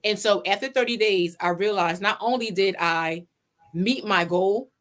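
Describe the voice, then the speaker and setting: Woman, podcast guest, casual storytelling, animated, middle pitch, home office, video call. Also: moderate pace. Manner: animated, plays her own past lines in quotes. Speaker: podcast guest, pageant winner and salon owner.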